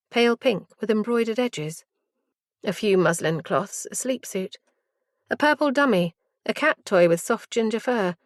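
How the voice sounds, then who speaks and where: Female audiobook narrator, mid-pitched, measured and hushed, dry studio sound. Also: no echo. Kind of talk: first-person thriller narration.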